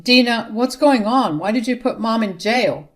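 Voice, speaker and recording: A woman's voice: fairly high pitch, animated, moderate pace, pitched above the performer's own voice, lightly acted. A woman voicing an exasperated grown son scolding his mother. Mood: angry. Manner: angry, scolding.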